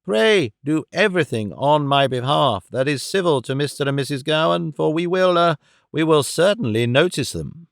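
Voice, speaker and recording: A man reading an audiobook voices a pompous, self-important elderly gentleman in a stately, measured way. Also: a little high, expressive, vocal fry, dry recording, studio quality.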